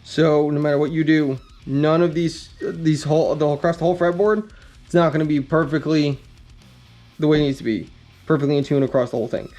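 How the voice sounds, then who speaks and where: Man, guitar instructor, casual rambling explanation, mellow warm tone, faint guitar behind. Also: on the high side, brisk. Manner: relaxed, rambling, frequent ums, blunt mild cursing.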